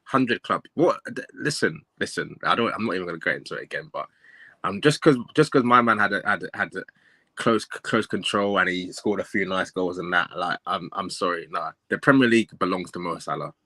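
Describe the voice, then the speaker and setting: Young male guest, low and forceful, emphatic, dry sound. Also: a little fast, dry recording. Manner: emphatic, keeps saying bro. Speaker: guest pundit. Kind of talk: casual football chat.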